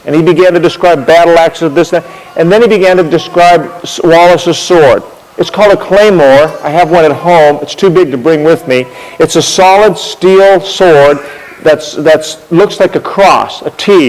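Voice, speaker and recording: A man's voice: fairly high pitch, in a large hall, rough recording. A man telling a history story in a chatty, anecdotal way. He repeats words as he gathers his thoughts and shows things with props. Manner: demonstrates with props as he talks.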